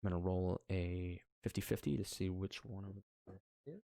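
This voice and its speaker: Gravelly-voiced man running a tabletop game. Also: low-pitched, moderate pace, mellow, no echo, clean studio sound. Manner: loose, rambling narration full of fillers. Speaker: game master.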